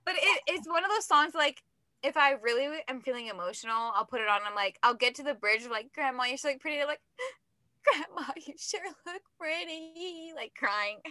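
A young adult woman rambles through a podcast tangent with a giggly, self-mocking lilt. Her voice sits a bit high and sounds bright. The recording is close and dry. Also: quick pace, dry recording. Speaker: podcast co-host. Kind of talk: casual chat.

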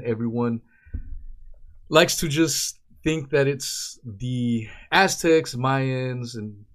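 A man hosting a podcast in casual conversation, laid-back, with quick joking asides. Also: mid-range voice. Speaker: podcast host.

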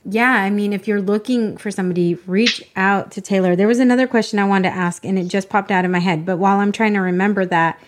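A woman's voice: mid-range voice, fairly even intonation, fast talker, few pauses. A woman hosting a podcast interview, chatting casually and gushing emotionally about her own wins. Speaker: podcast host.

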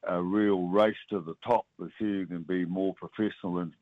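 An older New Zealand man speaks down a thin, tinny phone line with no room echo at all. His voice sits low, and he talks in halting bursts, trailing off and restarting with plenty of fillers. He is a former rugby player being interviewed by radio hosts. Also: fairly even intonation.

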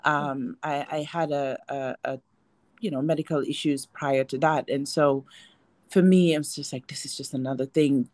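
A woman's voice: sits low, fairly even intonation, normal speed, darkish tone, dry recording. A woman speaking candidly and reflectively as a guest in a casual panel discussion, often restarting her sentences. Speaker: guest, breast cancer survivor and advocate.

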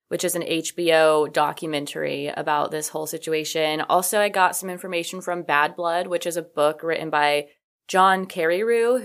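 Chatty, lower-voiced woman podcaster. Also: fairly bright tone. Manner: chatty, full of "like" fillers, sassy asides. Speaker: podcast host. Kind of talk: casual podcast storytelling.

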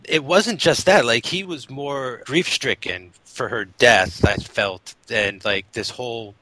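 A man casually discussing a film with a friend, animated and full of fillers as he retells scenes. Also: mid-range voice, slow, poor audio. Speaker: podcast co-host.

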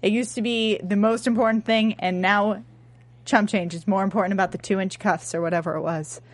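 A woman co-hosting a casual show about a TV series, lively and opinionated as she talks through her theories. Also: medium pitch, a little fast, no echo. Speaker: podcast co-host discussing a TV series. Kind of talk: casual chat.

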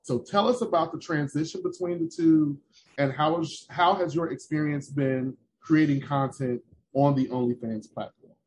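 A man hosting a podcast interview, asking questions and giving lively reactions. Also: fairly high pitch, moderate pace, low-quality recording. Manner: brief listening responses and lively reactions. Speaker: podcast host. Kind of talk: casual interview.

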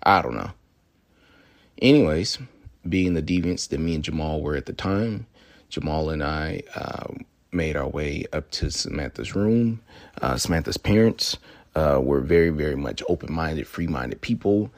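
A man's voice: extremely low pitch, animated, normal speed, dry recording. A young man casually telling a personal story, loose and profane, acting out the lines of people in it.

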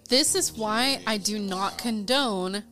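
A woman co-hosting a podcast in casual chat, chiming in with quick questions and reactions. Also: mid-range voice, fairly bright tone, soft background music. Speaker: podcast co-host.

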